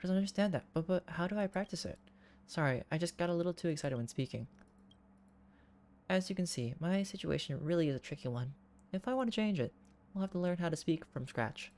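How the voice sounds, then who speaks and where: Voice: medium pitch, expressive, a little fast, a little mellow, close to an everyday voice. A gamer reading aloud as a blunt, socially awkward young woman researcher who turns defensive and stammers. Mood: flustered.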